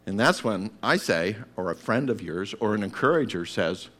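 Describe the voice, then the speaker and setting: A man preaching a sermon, acting out voices and breaking into shouted calls to get up. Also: on the low side, lively intonation, normal speed, few pauses.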